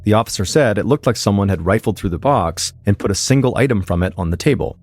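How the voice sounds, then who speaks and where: A man's voice: on the low side, lively intonation, quick pace, a little mellow. Man narrating a suspenseful true story. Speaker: podcast host and storyteller. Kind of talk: scripted true-crime narration.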